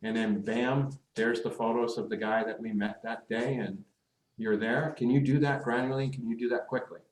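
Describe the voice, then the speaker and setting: A talkative man hosts a club video call and lays out his ideas with plenty of examples. His voice sits at a middle pitch. It is picked up by a computer mic in an echoey room. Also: steady tone, moderate pace. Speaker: meeting host. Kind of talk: casual Zoom meeting chat.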